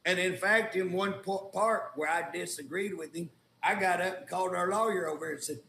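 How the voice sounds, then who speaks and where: A man's voice: high voice, normal speed, gravelly, sharp tone, echoey room, slight background noise. A man with an Oklahoma accent, a state legislator telling a story in folksy, indignant, casual talk with colloquial grammar. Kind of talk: casual talk show conversation.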